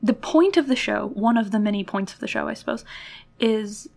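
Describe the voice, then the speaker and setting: Chatty high-voiced woman podcast co-host. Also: fairly quick, gravelly, a little mellow. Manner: chatty, laughs often, critical opinions. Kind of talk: casual chat.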